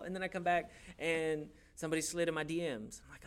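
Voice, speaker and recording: A man's voice: a little high, quick pace, few pauses, slight background noise. A young adult man preaching a sermon, telling stories with playful put-on voices. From grew up in a Hispanic church community. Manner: animated storytelling with playful voices. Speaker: pastor.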